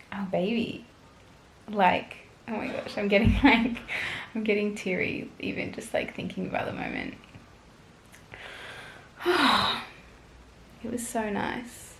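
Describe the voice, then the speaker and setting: A woman's voice: lowish voice, vocal fry, echoey room, slight background noise. A young woman vlogger telling a personal story to camera in a chatty, gushing way, full of fillers.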